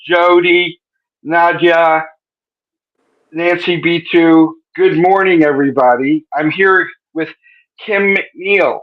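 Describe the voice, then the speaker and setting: A man with a fairly high voice hosts a live-stream interview over a video call, joking and rambling as he goes. The audio is dull and lo-fi. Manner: joking, rambling, self-correcting. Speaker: interview host.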